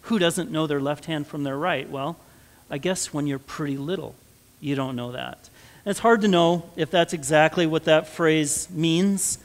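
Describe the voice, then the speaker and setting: Speaking at a normal speed in a voice on the high side, a pastor with a Midwestern American accent preaches in a church sanctuary. The sermon moves from conversational to emphatic stresses, and the recording carries long church reverb.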